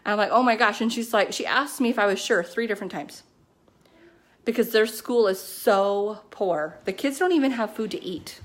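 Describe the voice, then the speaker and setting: A woman at home, talking to her business team in a casual motivational pep talk, excited and chatty, filling her speech with "like" and "you know.". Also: medium pitch, moderate pace, a little hiss or hum. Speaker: network marketing team leader. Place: at home with her kids nearby.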